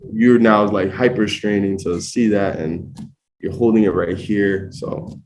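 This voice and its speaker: A man's voice: on the low side, steady tone, measured pace, a little mellow, a little hiss or hum. A man co-hosting a podcast in casual chat, dry and teasing, explaining things with frequent restarts. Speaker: podcast co-host.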